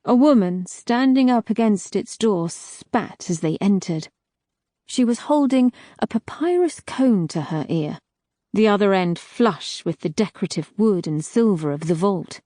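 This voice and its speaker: A woman reading a dark fantasy audiobook in a slow, measured narration. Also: mid-range voice, animated, no echo, studio quality.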